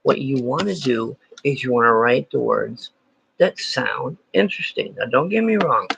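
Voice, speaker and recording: A man's voice: medium pitch, lively intonation, normal speed, gravelly, a bit bright, a little hiss or hum. A man teaching a playful lesson, full of jokey, self-deprecating asides. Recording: dry, dull lo-fi sound.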